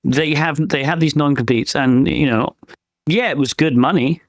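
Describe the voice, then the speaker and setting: A man's voice: a little high, normal speed, no echo, clean studio sound. Opinionated man musing on a podcast. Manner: opinionated, thinking aloud. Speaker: podcast co-host; penetration tester. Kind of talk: casual chat.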